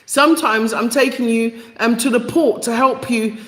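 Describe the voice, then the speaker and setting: A woman's voice: a little high, steady tone, moderate pace, fairly bright tone. A British woman with a Jamaican-tinged accent, chatting casually and bluntly on a live vlog, full of fillers and plain talk. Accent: Jamaican-inflected British. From England. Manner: chatty, blunt and playfully outspoken, with many fillers. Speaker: vlogger and repatriation helper. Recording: echoey room with long reverb.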